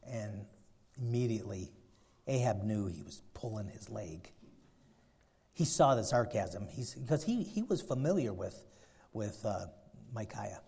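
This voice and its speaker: A man's voice: fairly low pitch, big pitch swings, a little slow, long pauses, dark tone, breathy edge. A man preaching a sermon, retelling a story in a folksy, rambling way. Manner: folksy, storytelling, many fillers and restarts.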